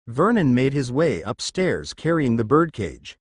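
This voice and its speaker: Guy reading a story out, lively up-and-down voice, dry close sound. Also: medium pitch, unhurried, hardly any pauses, husky, no echo. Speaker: narrator. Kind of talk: storybook narration.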